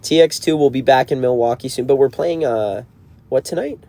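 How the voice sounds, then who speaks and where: A man's voice: mid-range voice, brisk, dark tone. A man in his twenties in a car, chatting casually on a livestream and answering viewer comments. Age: 20s. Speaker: band member hosting a livestream.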